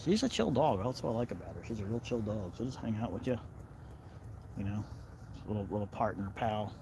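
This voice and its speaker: Relaxed man rambling outdoors. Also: lowish voice, fairly quick. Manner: relaxed, rambling, talks to his dog. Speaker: vlogger. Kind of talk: casual outdoor vlog chat. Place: outdoors by the water on a cold day. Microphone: handheld phone camera. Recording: outdoor phone recording with background noise.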